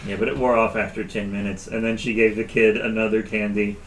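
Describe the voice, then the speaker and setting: An eager man chimes in with details during a casual podcast chat. He speaks at a middling pitch. The room around him is echoey, with a faint hum of noise. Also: flat delivery, brisk. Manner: eager, jumps in to add details. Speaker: player on a tabletop podcast.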